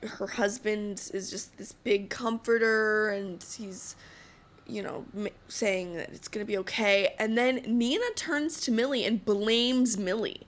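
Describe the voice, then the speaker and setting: A woman's voice: mid-range voice, measured pace. A woman hosting a podcast, chatting casually and gossipily through a TV show recap with lots of fillers. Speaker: podcast host.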